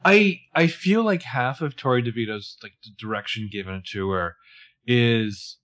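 A man's voice: medium pitch, normal speed, fairly bright tone. A man co-hosting a casual recap chat, joking and profane, often acting out characters' lines in quotes. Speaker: podcast co-host.

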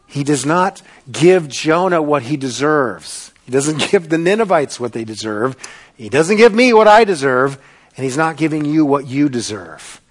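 Lively, animated male preacher. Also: fairly high pitch, normal speed. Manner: conversational, asks the congregation questions. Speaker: pastor. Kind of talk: sermon.

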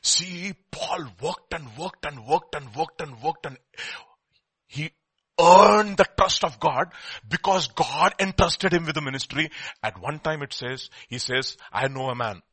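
A man preaching with a bright, forceful edge and a slightly raised pitch. He swings from hushed asides to loud emphatic questions and acts out the people in his stories. The sound is dry and close. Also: measured pace, breathy edge, no room sound. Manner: animated preaching, acts out quoted dialogue, swings from quiet to loud. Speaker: pastor. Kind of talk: sermon.

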